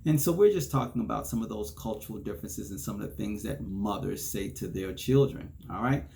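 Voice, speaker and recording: A man's voice: on the low side, animated, brisk, vocal fry, warm tone. A man hosting a solo podcast, chatting casually, chuckling between points and often checking in with "okay?". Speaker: podcast host.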